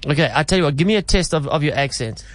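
Brief: male radio prank host, upbeat, slightly high voice, swinging intonation. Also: expressive, racing, dry recording. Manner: playful, explaining the setup. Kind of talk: casual radio banter.

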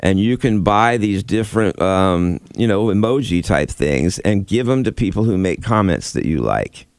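A man's voice: sits low, animated, moderate pace, dry recording. A man co-hosting a morning radio show, explaining things patiently in easygoing banter.

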